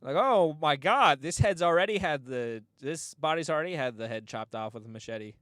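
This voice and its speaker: Rambling, profane man with a lively voice. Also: mid-range voice, a little fast, dry recording, studio quality. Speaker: podcast host. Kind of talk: casual comedic storytelling.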